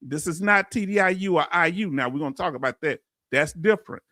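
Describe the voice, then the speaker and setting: Man, commentary host, animated, fairly high voice, dry close sound. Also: brisk, dry recording. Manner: animated, talks back at clips, laughs often. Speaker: veterans benefits commentator. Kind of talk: casual commentary video.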